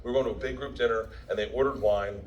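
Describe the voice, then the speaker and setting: A man's voice: lowish voice, steady tone, fast talker, dull audio, slight background noise. A middle-aged man, a comedian, telling rowdy, profane stories to a live crowd and laughing as he goes. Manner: loud, profane, laughing as he tells it. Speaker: comedian addressing a premiere crowd. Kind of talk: rowdy live stand-up storytelling.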